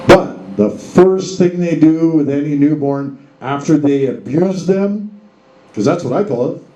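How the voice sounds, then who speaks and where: Man, show host, casual monologue full of rhetorical questions, dark tone, echoey room with faint ambience. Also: medium pitch, a little hiss or hum. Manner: rhetorical questions, addresses folks directly.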